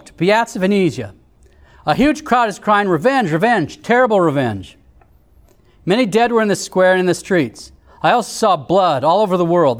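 A man narrating in a measured, solemn reading style, quoting passages from written accounts. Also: high voice. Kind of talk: scripted narration reading visions.

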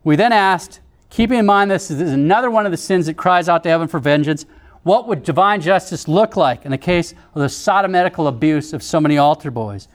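A man narrating in a measured, solemn reading style, quoting passages from written accounts. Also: on the high side. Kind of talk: scripted narration reading visions.

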